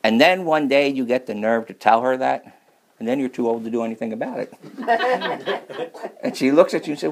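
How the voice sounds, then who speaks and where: A man's voice: mid-range voice, expressive, normal speed, long pauses, slight background noise. A man preaching a sermon on marriage in a folksy, joking manner.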